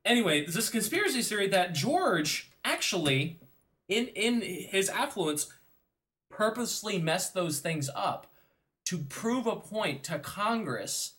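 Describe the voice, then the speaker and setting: A man co-hosting a casual podcast chat, jokey and quick to jump in. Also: sits high. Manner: animated, jokey, quick interjections. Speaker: podcast co-host.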